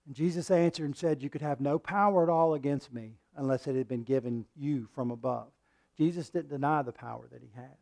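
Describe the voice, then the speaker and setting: Guy preaching a sermon, voice a bit on the high side, goes big then drops way down quiet. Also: a little fast. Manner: dramatic swings between loud and hushed delivery; reads scripture aloud and acts out quoted lines.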